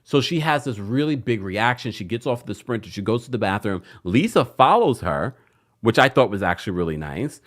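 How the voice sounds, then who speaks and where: A man's voice: fairly low pitch, sing-song, brisk, a bit bright. A man hosting a casual reality TV recap, chatty and gossipy, with playful asides. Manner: acts out the cast's lines in put-on voices.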